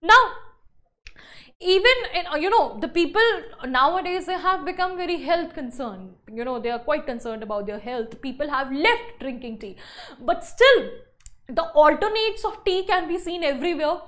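A woman with an Indian English accent gives an online English lesson in a high, light voice. She explains each point by restating it in new words and leans on "you know" as she goes. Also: lively intonation, moderate pace, fairly bright tone. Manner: explains by repeating and rephrasing, many "you know" fillers. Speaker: English teacher. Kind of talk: online class lecture.

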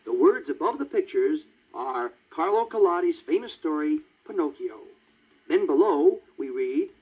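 A man narrating a read-along children's storybook in a lively, child-friendly way. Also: a little high, measured pace, husky. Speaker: storybook reader. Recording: tinny 1950s vinyl record.

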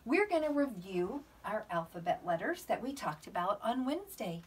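A woman teaching a preschool lesson to camera, in a slow, sing-song, animated teacher voice. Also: medium pitch, slight background noise.

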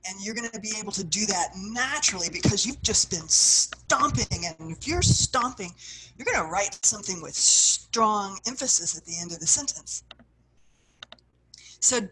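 A woman of middle pitch leads a writing workshop, talking her listeners through exercises and acting out what she describes. Her phrases swell and then trail off softly, and a faint hiss with light clicks sits under the recording. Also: animated, normal speed. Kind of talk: guided workshop instruction.

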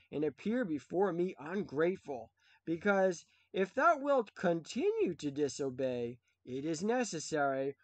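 A scheming ancient king who coaxes in old-fashioned words and turns to threats, as a man reads him aloud. The voice sits fairly high for a man. The sound is dry and close. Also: dry recording. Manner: coaxing then menacing, archaic speech.

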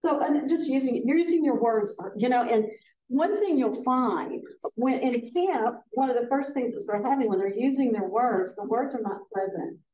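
Older woman, folksy workshop trainer, mellow voice, roomy echo. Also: fairly high pitch, moderate pace. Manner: folksy, acts out quotes with voices. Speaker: trainer presenting to foster care advocates. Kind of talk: casual workshop talk. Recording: echoey room, voice from a distance.

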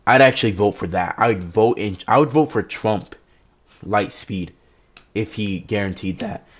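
Lower-voiced man in a sarcastic rambling rant. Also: normal speed. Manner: rambling, sarcastic, self-correcting. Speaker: political commentary vlogger. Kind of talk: casual opinion rant.

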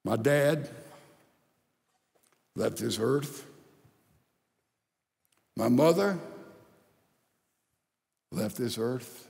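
Older male pastor, unhurried sermon delivery, dips soft then swells, long reverb of a large sanctuary. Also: medium pitch, expressive, creaky. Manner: dramatic swings from loud to hushed; slow, deliberate delivery with long pauses.

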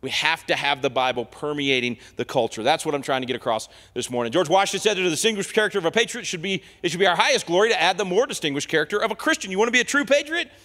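Fiery high-voiced male preacher, echoing hall. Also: expressive, very fast, few pauses. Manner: impassioned, swings from soft asides to loud declarations. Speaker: guest speaker. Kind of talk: fiery sermon. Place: church sanctuary.

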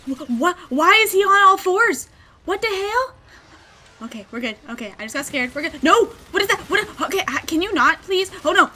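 A young woman giving casual commentary while playing a video game, quick to get excited, squeal and laugh. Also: extremely high pitch. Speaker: gaming video host. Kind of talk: live gameplay commentary.

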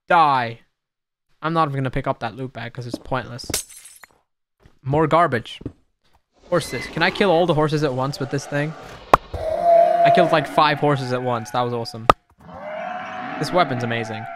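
A young adult gaming YouTuber gives casual, excitable commentary, talking to the creatures on screen and swinging from muttering to sudden shouts. His voice is on the high side, with no room sound.

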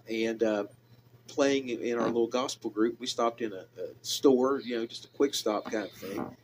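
A man's voice: mid-range voice, a little hiss or hum. A man hosting a radio show, chatting casually with a caller in a Southern hill-country accent, rambling with many restarts. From American South. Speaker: radio host. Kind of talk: casual on-air chat with a caller.

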